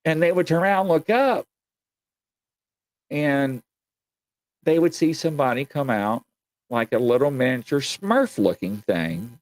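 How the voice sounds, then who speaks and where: Male host, folksy storyteller, very lively pitch, dry close sound. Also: a little slow, pauses often, dry recording. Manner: animated storyteller, acts out quoted voices, many fillers. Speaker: show host. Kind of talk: casual live-stream storytelling.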